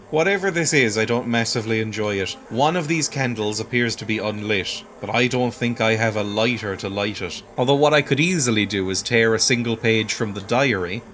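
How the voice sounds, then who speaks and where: A man's voice: lowish voice, a bit bright, slight background noise. A man commentating his playthrough of a game with dry, sardonic remarks and frequent chuckles. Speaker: let's play host.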